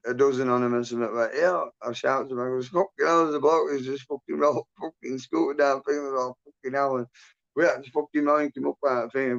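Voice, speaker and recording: Man, livestream host, casual rambling anecdote, heavy swearing, gravelly voice, muffled lo-fi sound. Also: mid-range voice. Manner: rambling, swears constantly, laughs while telling. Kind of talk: casual storytelling chat.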